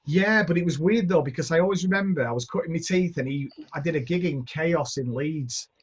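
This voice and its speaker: Talking casually, a middle-aged music producer from the north of England spins rambling anecdotes, swearing here and there. His voice is fairly high with a breathy edge, and he speaks a little fast.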